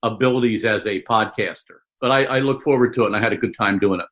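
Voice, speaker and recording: An older man telling stories as an interview guest, lively and full of quick asides. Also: on the low side, poor audio. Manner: animated storyteller, quick asides and mock voices. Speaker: sportswriter guest. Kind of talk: conversational interview storytelling.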